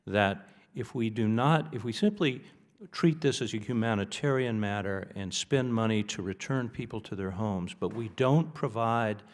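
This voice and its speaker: A man from the United States testifies before a congressional committee in a fairly low voice. He argues deliberately and with emphasis, sometimes restarting a phrase. His voice carries a long reverb from the large hearing room. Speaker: expert witness.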